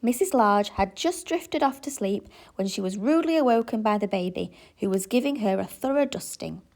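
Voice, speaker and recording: A woman teacher reading a children's picture book aloud in an expressive, clear way. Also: mid-range voice, moderate pace. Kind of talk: storybook read-aloud.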